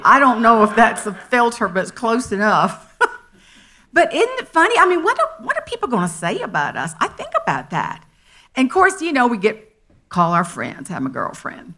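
Lively, animated woman telling funny stories. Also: a little high, moderate pace. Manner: animated and playful, acting out friends' voices. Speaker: motivational speaker. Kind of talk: humorous keynote storytelling. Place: event stage before a live audience.

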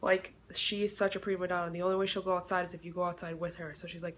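A woman's voice: on the low side, fairly even intonation, fast talker, slight background noise. A young woman vlogging casually about her day, talking in a chatty way with lots of filler words. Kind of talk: casual vlog chat.

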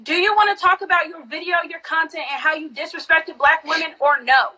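A woman's voice: very high voice, fairly even intonation, fairly quick, sharp tone, rough recording. A woman from Texas in a heated live-stream argument, confrontational, profane and insistent.

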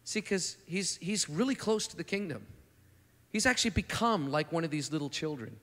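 Animated male preacher in a hall. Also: fairly high pitch, normal speed. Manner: animated, acts out the speakers in the story; conversational, with repeated restarts. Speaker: conference speaker. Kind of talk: sermon. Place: conference hall. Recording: long hall reverb.

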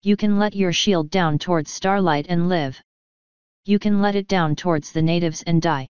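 A woman's voice: on the low side, normal speed, a little mellow, clean tone, dry recording, lightly acted. A woman voicing a young female pony mage, shaky but determined and pleading, in a slightly dull, dry recording.

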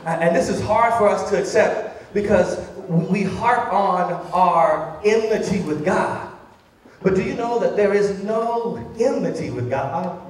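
High-pitched preacher man, far off the mic in a big echoey church, goes from loud shouts to soft asides. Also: measured pace. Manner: call-and-response preaching, swinging from loud exclamations to soft asides. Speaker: pastor. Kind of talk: preaching a sermon. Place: large church sanctuary. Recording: very echoey hall, voice heard from a distance.

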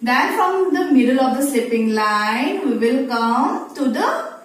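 A woman teacher giving a slow phonics lesson to young children, often checking in with "okay?" as she goes. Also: high voice, very animated. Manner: slow, sing-song, repeats and checks with "okay?". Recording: very echoey room.

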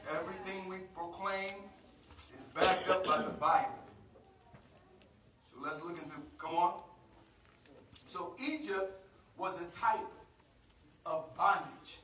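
An American man preaching a sermon as pastor, calling on a reader and building up to shouting. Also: high voice, a little hiss or hum. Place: church sanctuary. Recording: roomy live church recording from a distance.

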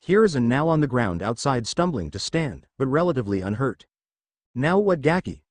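A man reading a fan fiction story aloud as narrator, in an expressive way. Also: medium pitch, brisk, dry recording.

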